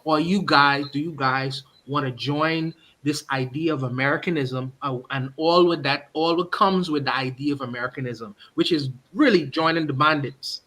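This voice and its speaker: A man's voice: fairly high pitch, normal speed, few pauses, a bit bright. A man hosting a casual podcast discussion, earnest and pressing his question, often breaking into laughs. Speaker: podcast host.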